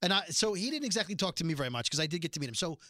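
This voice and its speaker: A man co-hosting a podcast in casual chat, rambling through stories with quick asides and jokes. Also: on the high side, big pitch swings, bright, forceful tone, no room sound, studio quality. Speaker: podcast co-host.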